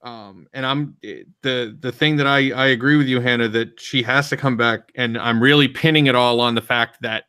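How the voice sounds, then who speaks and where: A man talks in a relaxed podcast chat, explaining his points at length. His voice is bright and forward, and the sound is dry and close. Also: medium pitch, normal speed, few pauses, clean tone, dry recording. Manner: chatty, explains things at length. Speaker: podcast host. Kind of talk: casual live podcast discussion.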